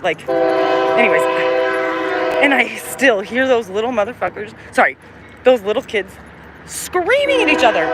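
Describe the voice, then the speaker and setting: A middle-aged woman vlogs into her phone as she walks, rambling and drifting off topic, cursing casually, a bit breathless in the heat. Her pitch jumps up and down a lot. Cars and street noise come through clearly behind her. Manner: rambling, digressive, swears freely, trails off with "anyways". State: short of breath in the humid heat. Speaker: vlogger. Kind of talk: casual rambling monologue while walking. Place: outdoors on a busy city street.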